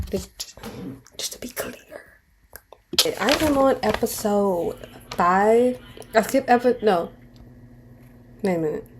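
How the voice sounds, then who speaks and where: A woman in her twenties with a medium-pitched voice gives casual commentary on a reality show, candid and slangy. She rambles, restarts, and does mocking impressions, with a little hiss or hum in the audio.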